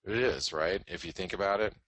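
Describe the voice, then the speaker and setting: A man's voice: low voice, a little fast, fairly bright tone, no room sound. A man hosting a live trading show, giving candid, joking market commentary full of "you know" asides. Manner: candid, joking, self-deprecating, many "you know" fillers. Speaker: host and trading educator.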